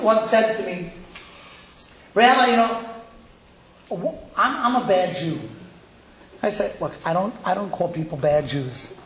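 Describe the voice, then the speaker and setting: Animated rabbi preaching in an echoey room. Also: male voice, high-pitched. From Cleveland, Ohio. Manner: animated storytelling, acting out quoted voices. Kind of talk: sermon.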